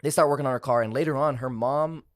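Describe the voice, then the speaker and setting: A man's voice: mid-range voice, quick pace, dry recording, studio quality. A young man, a car salesman and podcast guest, telling a story in loose, profane casual chat. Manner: loose, profane, lots of fillers like "like" and "bro".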